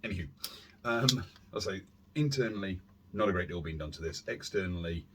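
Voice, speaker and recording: A man hosting a casual airsoft gear vlog from his warm room at home, rambling along with self-deprecating asides and filler words. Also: low-pitched, expressive, fairly quick, noisy background. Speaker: airsoft YouTube channel host. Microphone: camera on a stand.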